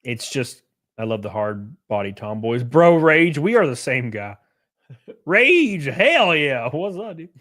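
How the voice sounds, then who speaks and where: A man hosting a livestream, answering chat messages in a brash, profane, animated way. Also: medium pitch, slow pace. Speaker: livestream host reading chat.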